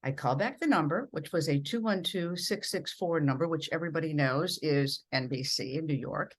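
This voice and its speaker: A middle-aged woman from Minnesota, a broadcast journalist telling animated stories as an interview guest. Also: low voice, fairly quick, breathy edge. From rural Minnesota. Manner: animated storyteller acting out voices in quotes. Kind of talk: storytelling in a podcast interview.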